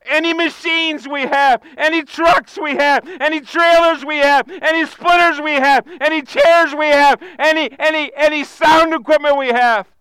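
A man preaching a sermon with passion, using repeated phrases and sudden shouted bursts. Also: extremely high pitch, steady tone, moderate pace, hardly any pauses, no room sound, rough recording. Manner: impassioned preaching, repetitive cadences, bursts of shouting. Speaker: pastor.

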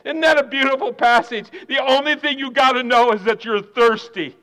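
A man's voice: very high-pitched, fairly even intonation, normal speed, pushed and bright. A man preaching a sermon in an emphatic, repetitive way.

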